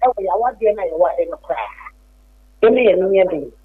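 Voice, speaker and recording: A woman's voice: mid-range voice, lively intonation, brisk, breathy edge, no room sound. A woman calling in to a radio show, speaking earnestly and thankfully. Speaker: caller. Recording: tinny phone line.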